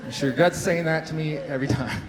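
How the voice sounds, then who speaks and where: In a large hall, a stand-up comic in his thirties performs a chatty, self-deprecating set packed with fillers while the audience laughs. His voice is a little high, and the audio is poor.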